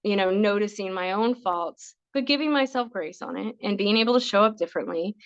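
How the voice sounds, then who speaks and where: A middle-aged woman speaks as an interview guest about her coaching, earnest and rambling with plenty of restarts. Her voice sits at an ordinary middle pitch. The recording sounds slightly dull and very dry. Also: a little fast, clean tone, no echo. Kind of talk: casual interview chat.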